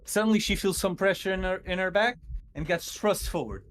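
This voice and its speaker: A nervous man telling a spooky story on a stream, stuttering and halting often. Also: high voice, a bit bright, slight background noise, rough recording. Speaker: guest storyteller.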